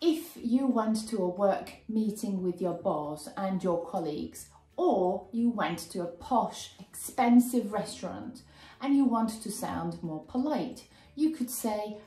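A woman gives a slow, patient English lesson in a mellow, relaxed voice. Her words carry a roomy echo with faint music underneath. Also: mid-range voice. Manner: slow, clear and explanatory. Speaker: English teacher. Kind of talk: friendly video lesson. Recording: echoey room.

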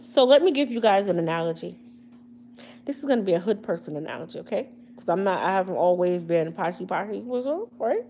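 A woman's voice: mid-range voice, a little mellow. Woman doing a hair care live, slangy and funny, talking to viewers, bit of hum in the back. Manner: chatty, comedic, slangy, addressing viewers directly. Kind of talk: casual livestream talk.

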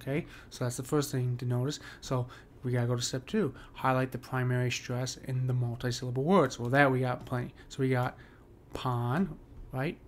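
The same kind of casual screen-share lesson features a man explaining a poem's meter, full of fillers and "right?" checks. He talks a little fast with few pauses, at medium pitch with little pitch movement, over slight background noise.

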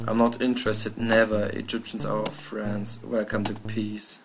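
A man's voice: lowish voice, monotone, normal speed, over music. A man with a German accent playing a strategy game at night, cursing and muttering at the computer as he plays. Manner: swears often, talks to the game in frustrated outbursts. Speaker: gamer. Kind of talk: live gameplay commentary.

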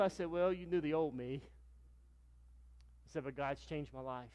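A man's voice: on the high side, normal speed, pauses often, darkish tone, muffled recording. A middle-aged man, a pastor preaching a sermon and telling stories, acting out the dialogue in them. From Virginia, US. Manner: storytelling, acts out dialogue with raised voice.

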